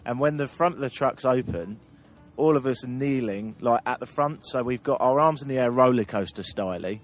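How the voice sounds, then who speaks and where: A man's voice: mid-range voice, moderate pace, soft background music. A man hosting a travel podcast, telling road-trip anecdotes in casual chat and laughing through them.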